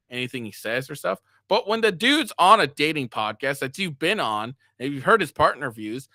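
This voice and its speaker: A man's voice: fairly high pitch, sharp tone, no room sound, clean studio sound. A man giving crude, mocking reaction commentary, swearing and laughing as he talks. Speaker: commentary streamer.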